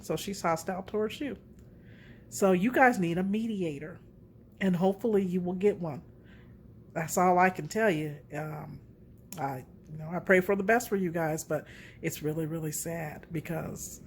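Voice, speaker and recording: A middle-aged woman with a slightly low voice talks frankly about relationships. She tells her own story in a lively, open way. A faint hiss of noise sits under her voice. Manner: candid, animated storytelling with laughs. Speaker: relationship talk host. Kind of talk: casual personal talk.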